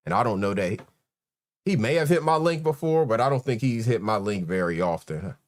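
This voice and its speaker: A man's voice: on the low side, expressive, brisk. Host, man, 40s, laid-back live-stream chat, greets viewers by name.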